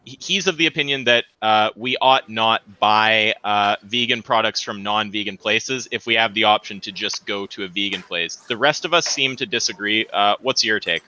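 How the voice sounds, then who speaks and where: A man hosting a casual online panel chat, joking and stumbling over quick restarts. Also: lowish voice, sharp tone, highs cut off. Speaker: host moderating a panel.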